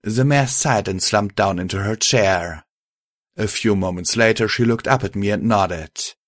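A man narrating a story audiobook in a steady, matter-of-fact reading. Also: lowish voice, a little slow, dry recording, clean studio sound. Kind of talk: audiobook narration of fan fiction.

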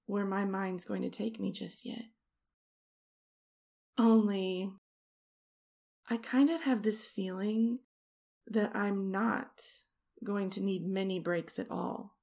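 A woman's voice: medium pitch, gravelly, warm tone, husky. A woman performing an intimate erotic audio role-play into a close microphone, teasing and seductive, sometimes dropping to a whisper. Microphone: close studio mic.

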